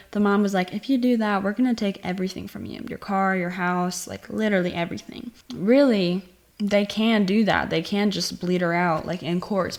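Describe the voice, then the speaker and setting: A woman hosting her own channel, giving a casual spoken movie review and retelling the plot in a chatty, animated way. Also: on the low side. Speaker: film reviewer and channel host.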